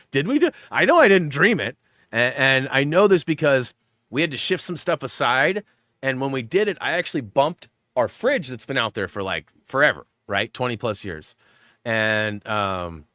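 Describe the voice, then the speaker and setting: Middle-aged male stream host, bright voice, dry room, chatty and rambling. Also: mid-range voice, no echo. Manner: rambling storyteller, quick asides and laughs. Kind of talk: casual live-stream chat.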